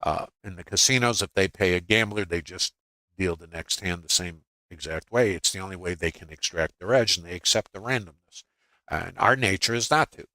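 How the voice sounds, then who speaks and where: An older man talks through a live trading webinar in a loose, conversational way, pausing on fillers and slipping in dry jokes. His voice sits a little low but carries a bright, forceful edge. The sound is close and dry, with no room around it. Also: dry recording, low-quality recording. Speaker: trading educator.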